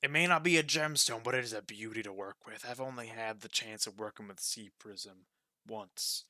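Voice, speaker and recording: A man voicing a large male gem shop owner who bellows at his worker and speaks smoothly and politely to customers. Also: fairly low pitch, moderate pace, bright, forceful tone, no echo, studio quality. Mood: musing.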